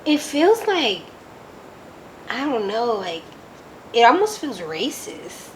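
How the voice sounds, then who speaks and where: A woman from Oakland chats her way through a book review, reading passages aloud and stopping to react in disbelief. Her voice sits a bit high, her speech is full of "like", and a faint hiss runs underneath. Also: sing-song, takes it slowly. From Oakland, California. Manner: chatty, lots of "like", reacts with disbelief. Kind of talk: casual reading with commentary.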